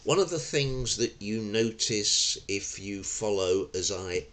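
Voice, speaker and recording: A man's voice: lowish voice, expressive, slow pace, fairly bright tone. A male self-defence instructor, seated at a table indoors, explaining with demonstrations and wandering off into asides. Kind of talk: explaining to camera.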